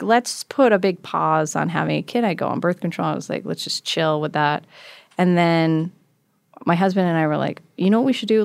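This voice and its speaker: A woman in her thirties tells a story in an animated way and laughs often. She slips into the voices of the people in it. The recording is dry and close, with no room sound. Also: on the low side, dry recording. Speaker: guest, comedian and musician. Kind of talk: casual storytelling chat.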